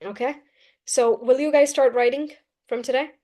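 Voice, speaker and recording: A woman's voice: high-pitched, steady tone, moderate pace, warm tone. A young woman teaching English in a live online class, talking straight to her students, encouraging them and repeating her key points. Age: young adult.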